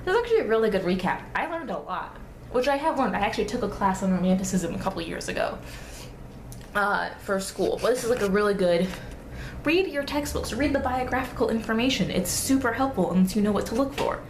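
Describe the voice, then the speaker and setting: A woman's voice: mid-range voice, lively intonation, a little fast, reverberant, slight background noise. A young woman vlogging at home, rambling casually about her studies and cooing baby talk to a toddler. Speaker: vlogger and student babysitter. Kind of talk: casual vlog chat. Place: home, indoors. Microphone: camera on a table.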